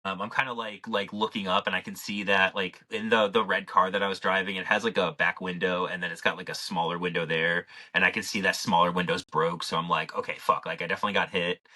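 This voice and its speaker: Low, bright-toned man telling a story. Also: flat delivery, quick pace, few pauses. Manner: rambling, loose, heavy on "like" and swearing. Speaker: podcast co-host. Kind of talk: casual chat, telling a story.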